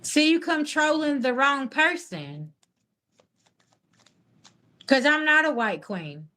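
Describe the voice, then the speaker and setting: A woman talks casually on a live stream. As a spiritual reader, she answers viewer comments head-on in a sassy, blunt manner. Her voice sits a little on the high side. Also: animated, takes it slowly, pushed and bright.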